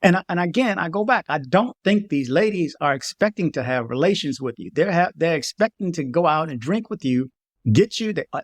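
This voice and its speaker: A man's voice: a little high, a little fast, dry recording. Emphatic man giving casual advice. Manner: emphatic, repeats warnings, animated asides. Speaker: travel vlogger.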